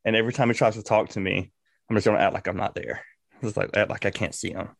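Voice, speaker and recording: A man co-hosting a podcast, telling a crude, animated comic story full of profanity. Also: lowish voice, fast talker, gravelly, dry recording, studio quality. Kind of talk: casual comedic storytelling.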